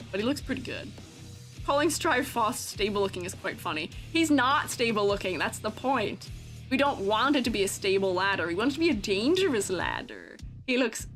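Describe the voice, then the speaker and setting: Giggly, lively young woman streamer. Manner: giggly and playful, laughs often, lively swings in pitch. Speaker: streamer and character design teacher. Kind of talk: casual livestream chat reacting to chat. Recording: faint music in the background.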